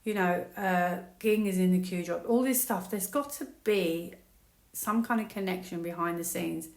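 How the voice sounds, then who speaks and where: A woman reading tarot cards to camera in a chatty, excitable, conspiratorial way. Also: fairly low pitch, moderate pace, roomy sound. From United Kingdom. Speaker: tarot reader.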